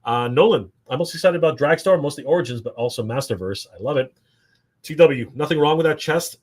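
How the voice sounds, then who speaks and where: With a high-leaning, animated voice that sounds slightly rough yet a little mellow, a Canadian livestream host talks briskly about toys. He keeps things casual and cheerful, reading comments from viewers and dropping in plenty of fillers.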